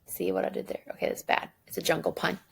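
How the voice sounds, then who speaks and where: A woman's voice: lowish voice, flat delivery, quick pace, vocal fry, slightly rough. A woman teacher giving a recorded lesson, chatty and self-deprecating, thinking aloud as she goes.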